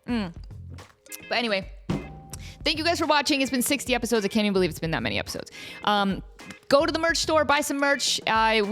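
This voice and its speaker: A woman in her thirties hosting her own podcast, telling a story in a chatty, animated way with lots of fillers and restarts. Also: fairly high pitch. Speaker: podcast host. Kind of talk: casual solo storytelling.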